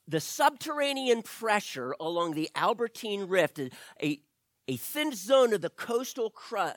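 A man's voice: high-pitched, sing-song, a little slow, dry recording, clean studio sound. A man voicing an earnest twelve-year-old boy who explains things in long technical words.

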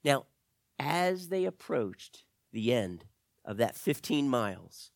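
A man's voice: medium pitch, slow pace, gravelly, dry recording, clean studio sound. A man telling an adventure story to children, talking to them directly. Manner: animated, addresses kids directly.

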